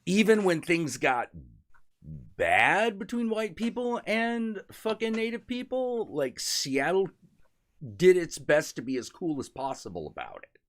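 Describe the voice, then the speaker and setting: A man's voice: high voice, big pitch swings, measured pace. A man hosting a stream, chatting casually and rambling, swearing constantly. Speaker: streamer host. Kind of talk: casual profane chat.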